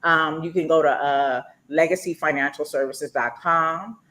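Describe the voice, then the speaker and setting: A woman's voice: sits low, fairly even intonation, normal speed, fairly bright tone. A woman hosting a talk show, chatty and loose, with many fillers. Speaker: radio show host.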